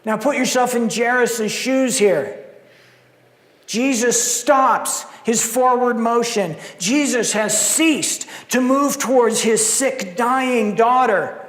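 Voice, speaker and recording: High-voiced, slow-talking male pastor. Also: echoey room, in a large hall, rough recording. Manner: animated, acts out the scenes in character voices. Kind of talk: sermon. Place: church sanctuary.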